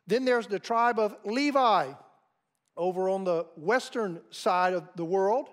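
An American man preaching a sermon as pastor, measured and deliberate, walking through pronunciations. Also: high voice.

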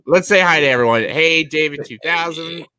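A man's voice: fairly high pitch, moderate pace, sharp tone. A man from Canada hosting a casual live-stream chat, joking around, swearing and laughing often. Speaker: channel host.

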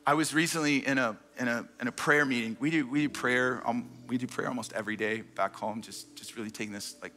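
A man preaching a sermon in a church, telling stories with energy and quick repeated restarts. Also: medium pitch, fairly even intonation, pushed and bright. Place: church stage before a congregation.

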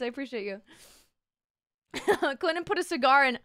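A woman's voice: high-pitched, expressive, fairly quick, pauses often, fairly bright tone, no echo, clean studio sound. A woman streaming live, chatting casually with her viewers, thanking them by name and bantering in a bubbly, teasing, crude way. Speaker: VTuber streamer.

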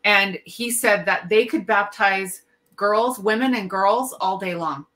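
A middle-aged woman talks on a casual podcast in a bright, tense voice. She states her opinions emphatically, with an indignant edge. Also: medium pitch, a little slow. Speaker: podcast co-host. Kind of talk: casual discussion.

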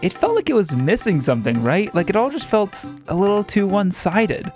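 Excitable joking gaming YouTuber man. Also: high-pitched, normal speed, hardly any pauses, soft background music. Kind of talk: casual gaming commentary.

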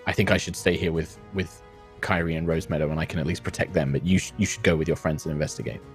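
A man voicing a practical female gunslinger ally in a tabletop game, speaking calmly in close to his own voice. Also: extremely low pitch, quick pace, music in the background, pitched below the performer's own voice.

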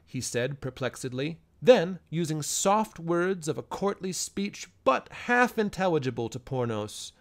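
A man reads a pulp fantasy story aloud in a measured, dramatic way. His voice sits a little high for a man, and he shapes each phrase with care. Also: big pitch swings. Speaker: audiobook narrator.

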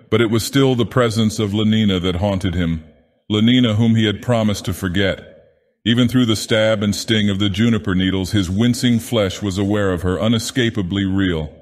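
Low, slow-reading male narrator. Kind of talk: audiobook narration in a game villain persona.

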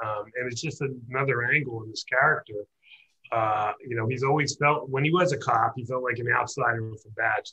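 Novelist guest, dry and matter-of-fact, mid pitch, bright, video call. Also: male voice, poor audio. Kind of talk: casual chat.

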